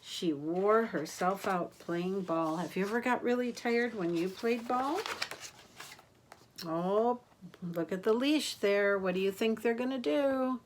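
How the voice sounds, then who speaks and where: Slow-reading older grandma storyteller. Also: female voice, mid-range voice, slight background noise. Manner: gentle and expressive, gasping and asking the listener questions. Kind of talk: reading picture books aloud to children.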